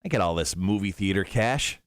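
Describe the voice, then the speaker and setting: A man's voice: sits low, no echo, clean studio sound. A man co-hosting a radio show, chatting casually and laughing easily. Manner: animated, quick to laugh.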